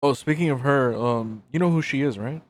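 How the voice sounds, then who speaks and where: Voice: mid-range voice, brisk. Laid back podcast cohost, easygoing movie talk, medium voice. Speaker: podcast co-host. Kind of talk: casual movie review chat.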